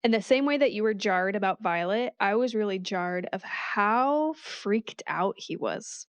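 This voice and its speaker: A woman's voice: medium pitch, animated, measured pace, smooth, dry recording. A woman co-hosting a podcast, chatting casually and thinking aloud in a reflective way. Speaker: podcast co-host. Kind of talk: casual book discussion.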